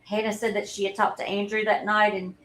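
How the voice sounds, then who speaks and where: A woman's voice: medium pitch, level tone, a bit bright, low-quality recording. Candid woman in her forties. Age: 40s. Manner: halting, earnest, openly emotional storytelling. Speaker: livestreamer. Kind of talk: candid personal livestream talk.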